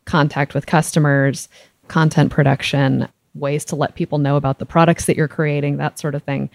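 A woman with a low voice talks through her ideas as a podcast guest. She explains at an even, methodical pace with the odd laugh. The sound is dry and close, with no room in it. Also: moderate pace, gravelly, no echo. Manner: explanatory, steady, occasional laughs. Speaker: guest, SEO director. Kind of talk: podcast conversation.

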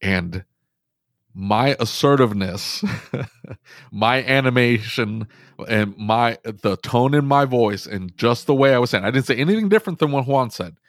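A man telling a work story in casual podcast conversation, animated, with many restarts. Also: mid-range voice, unhurried, no room sound, studio quality.

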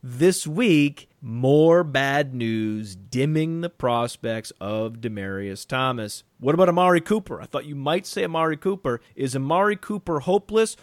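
A man hosting a fantasy football talk show, animated, swinging his pitch widely for emphasis and laughing easily. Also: unhurried, hardly any pauses, no echo, clean studio sound. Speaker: podcast host.

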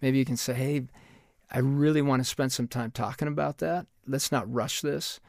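Man, gravelly voice, dry close sound, calm, methodical, advice giver. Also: medium pitch, normal speed, dry recording. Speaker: parenting expert. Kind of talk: advice giving.

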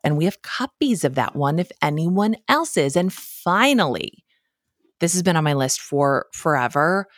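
A woman's voice: low voice, animated, moderate pace, no room sound, studio quality. A woman with a Midwestern American accent hosting a solo podcast from her home office, chatting in a casual, self-deprecating way and laughing often. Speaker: podcast host.

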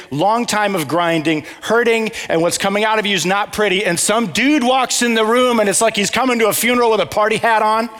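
A man with a fairly high voice preaches in a relaxed, storytelling way. He keeps turning to the audience with questions and dry asides. His voice rings with the long echo of a big hall. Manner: animated, asks the audience questions, wry asides. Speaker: teacher of a Bible study. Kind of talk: conversational sermon with storytelling.

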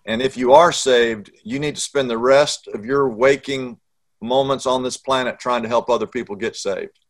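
A man's voice: medium pitch, normal speed. A middle-aged man, a pastor telling a story in an interview and acting out the dialogue.

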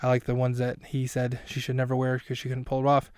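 A man's voice: medium pitch, completely flat delivery, fast talker, darkish tone, clean tone, no room sound, studio quality. A man hosting a podcast who recaps a film scene by scene in a rambling, self-mocking way with plenty of fillers. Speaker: podcast host.

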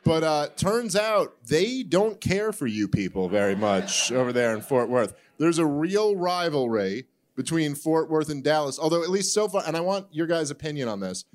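A man's voice: fairly high pitch, sing-song, moderate pace, hardly any pauses. A man hosting a live podcast in front of an audience, joking and sarcastic in loose, rambling banter. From Northeastern US. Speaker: podcast host.

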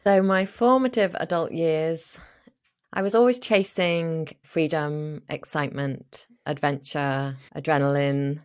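Woman in her 40s, low voice, telling her story openly on a podcast. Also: measured pace. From England. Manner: lively, candid recounting. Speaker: guest, midlife mentor and author.

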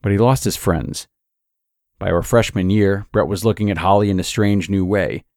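A man narrating a scripted horror story in a measured, steady way. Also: low-pitched, no echo, clean studio sound.

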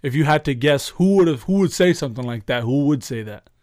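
With a medium-pitched, darkish voice and lively intonation, this podcast co-host talks fast through a casual chat. He rambles, curses and laughs often, in a dry, studio-quality recording.

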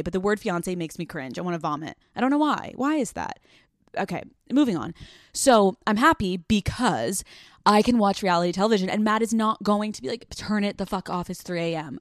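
A woman's voice: mid-range voice, no room sound, studio quality. A woman hosting her own podcast, venting in a candid, rambling, profane way in casual chat. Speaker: podcast host. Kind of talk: casual solo podcast rant.

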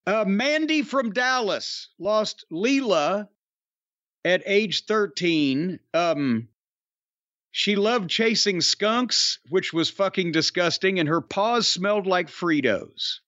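A man with a fairly high, animated voice reads listener tributes on a podcast, wry and offhand, tripping over a name now and then. The recording is dry and close, with a slightly dull, lo-fi tone. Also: takes it slowly, no echo. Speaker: podcast co-host. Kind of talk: casual podcast chat, reading listener tributes.

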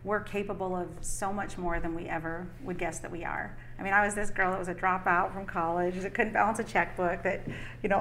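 A woman's voice: lowish voice, a little hiss or hum. A middle-aged woman, a podcast guest, speaking earnestly and reflectively in a motivational way. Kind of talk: interview.

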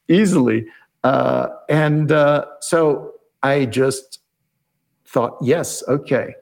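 Reflective storyteller, a fairly high man's voice. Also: creaky, a little mellow. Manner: measured, explanatory, quotes his own inner questions aloud. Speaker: podcast guest, negotiation expert.

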